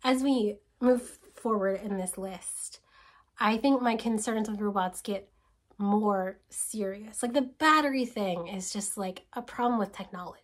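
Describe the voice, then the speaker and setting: A woman host talking to camera in a casual, animated and sarcastic way, firing off rhetorical questions and sometimes dropping to a whisper. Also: medium pitch, measured pace. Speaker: video essayist host. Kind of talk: casual spoken commentary.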